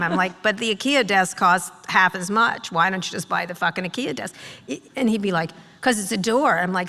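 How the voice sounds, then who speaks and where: A middle-aged woman speaks as a guest at a live stage talk, with a voice of medium pitch. She tells stories in a sardonic, profane way and keeps slipping into quick imitations of other people. Her voice carries a long reverb from a large hall. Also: pushed and bright. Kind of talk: on-stage storytelling conversation. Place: live event hall with audience.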